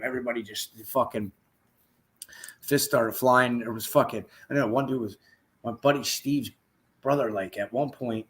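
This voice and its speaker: A man hosting a podcast, telling a rowdy story in casual, profane chat and acting out the quotes. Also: medium pitch. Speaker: podcast host.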